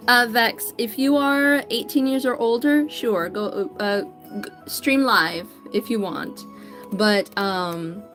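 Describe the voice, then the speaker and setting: Upbeat lady drawing on stream, kinda high voice, greets everyone by name, quiet music under it. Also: slow. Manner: greets chat viewers by name, chatty and upbeat. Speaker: digital artist streamer. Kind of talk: casual livestream chat while drawing.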